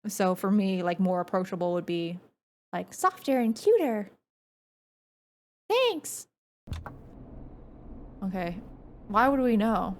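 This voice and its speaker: A woman streamer giving casual gameplay commentary, rambling and chatty in a naturally low, relaxed voice. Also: normal speed. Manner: rambling, filler-heavy, chatty.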